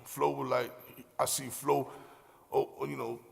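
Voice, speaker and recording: A man's voice: medium pitch, level tone, slow pace, creaky. A young man telling loose, profane stories on his podcast, rambling with lots of fillers. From Miami, Florida. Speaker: podcast host. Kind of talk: casual storytelling. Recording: long hall reverb.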